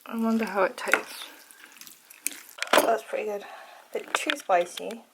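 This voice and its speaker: A young woman talking casually as a vlogger, soft-spoken and chatty, rambling a little. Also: mid-range voice, steady tone, unhurried, creaky, very noisy. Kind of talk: casual vlog chat.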